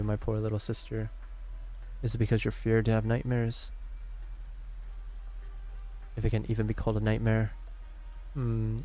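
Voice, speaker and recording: Man with a dark, gravelly voice reading game dialogue. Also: mid-range voice. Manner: reads deliberately, with slips and restarts on words. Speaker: streamer reading a game story aloud.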